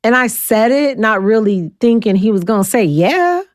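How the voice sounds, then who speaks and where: A woman in her forties, a guest telling her story bluntly and acting out the quoted voices with big jumps in pitch. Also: a little fast, smooth, dry recording, studio quality. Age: 40s. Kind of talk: candid storytelling interview.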